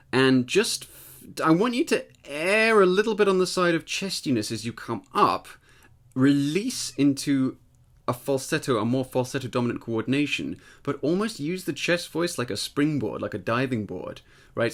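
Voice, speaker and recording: Man, voice teacher, casual explanatory lesson, tired slightly husky voice, animated pitch. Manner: explanatory, conversational, often checks in with "right?". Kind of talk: casual spoken singing lesson.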